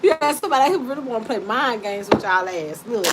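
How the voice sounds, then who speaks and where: A woman doing a casual live-stream card reading, talking to her viewers in an animated, teasing and profane way and breaking into frequent laughter. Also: fairly high pitch, fast talker. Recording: steady background noise.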